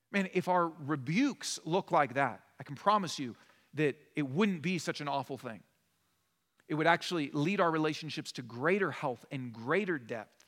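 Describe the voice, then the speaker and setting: A man's voice: on the high side, a bit bright, in a large hall. A male pastor preaching a sermon in an earnest, emphatic, conversational way. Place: church sanctuary.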